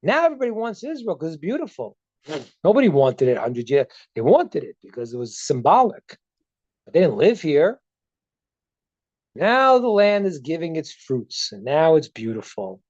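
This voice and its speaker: A man's voice: fairly high pitch, big pitch swings, normal speed, darkish tone, dry recording, muffled recording. A man teaching as a rabbi over a video call, earnest, repeating words as he builds a point and retelling stories with dialogue. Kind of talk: Zoom teaching talk.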